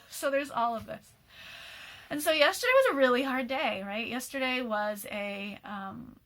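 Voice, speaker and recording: A woman's voice: on the high side, bright, forceful tone. A woman in her forties, tired after a sleepless night, talking candidly in a rambling personal message with frequent restarts and light laughter. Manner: laughs often mid-sentence. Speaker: program host.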